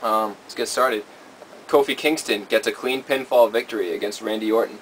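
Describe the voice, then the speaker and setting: A man with a lowish voice co-hosts a casual show, laying out his picks step by step. He talks in a measured, plain way. Faint background noise sits under the recording. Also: steady tone. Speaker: co-host running a segment. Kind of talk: casual talk show chat.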